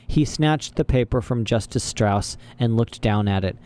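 A man's voice: medium pitch, measured pace, warm tone, smooth. A man reading a storybook aloud as narrator, with dry, wry asides. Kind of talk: audiobook narration.

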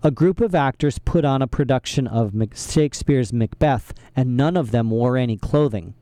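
A male reader plays a studious boy who speaks firmly and plainly. The tone is mellow and warm. It sounds dry and close to the mic. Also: medium pitch, moderate pace, dry recording, close to an everyday voice. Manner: firm, matter-of-fact. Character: bookish determined boy.

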